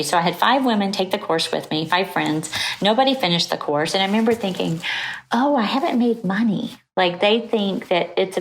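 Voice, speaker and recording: A middle-aged woman with a lowish voice speaks as a podcast guest. She tells her story in an animated, conversational way and slips into the voices of the people she quotes. She laughs easily along the way. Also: gravelly, low-quality recording.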